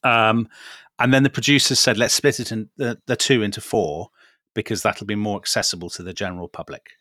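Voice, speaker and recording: A middle-aged man co-hosts a casual podcast chat. His voice sits low and is recorded close and dry, with no room around it. He talks in a measured, wry way and pauses as he thinks. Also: fairly even intonation, sharp tone, no room sound. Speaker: podcast co-host.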